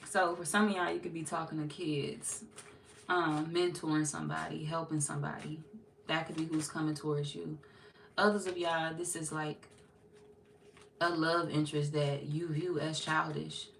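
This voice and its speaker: A woman's voice: sits low, flat delivery, normal speed, creaky, a little hiss or hum. A woman giving a casual, chatty tarot reading to her viewers, laughing often and slipping into playful quoted voices. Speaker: tarot reader.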